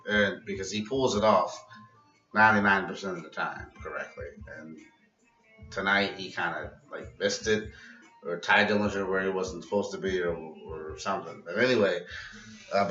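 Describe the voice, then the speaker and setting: Rambling, profane wrestling vlogger, bright voice. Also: male voice, sits low, normal speed, far from the mic, faint music behind. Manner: rambling, profane, laughs at his own jokes. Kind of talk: casual recap and commentary. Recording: roomy, muffled and off-mic.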